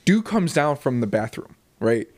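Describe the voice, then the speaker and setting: An animated man telling a story on a casual podcast. His pitch jumps up when he acts out other people's lines, and laughter breaks into his telling. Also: normal speed. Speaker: podcast co-host.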